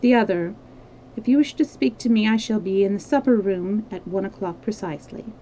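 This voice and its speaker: A woman voicing a proud, frightened young noblewoman in a storybook reading, in an even, mechanical tone. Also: medium pitch, brisk, a little hiss or hum, close to an everyday voice, rough recording. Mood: strained.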